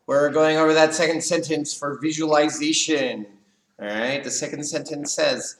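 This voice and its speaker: A man's voice: on the high side, fairly even intonation. A man instructor explaining a lesson to kids in a karate class, often checking in with "right?". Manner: explains slowly with many "right?" check-ins. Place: karate studio, indoors. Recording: echoey room from a distance.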